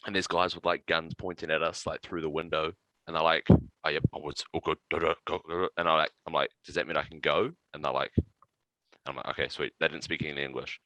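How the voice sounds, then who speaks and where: Casting: very deep, bright-toned New man, casual podcast storyteller, dry close mic. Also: fast talker, no echo, low-quality recording. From New Zealand. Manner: animated anecdote-telling with profanity and laughs. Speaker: podcast guest.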